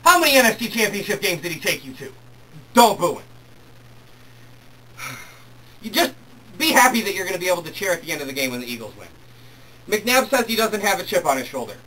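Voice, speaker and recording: A young man hosting his own sports talk show, reading emails and ranting excitedly about football. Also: sits high, fast talker, slight background noise. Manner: excitable, worked up when ranting. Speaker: host. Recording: distant mic with faint room ambience.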